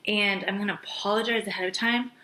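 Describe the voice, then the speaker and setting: A woman's voice: mid-range voice, steady tone, fast, sharp tone, rough recording. A young woman, a makeup artist, chatting through a beauty review, a little out of breath, gushing and dropping to a whisper on what she loves. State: out of breath, pregnant. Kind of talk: casual beauty review chat.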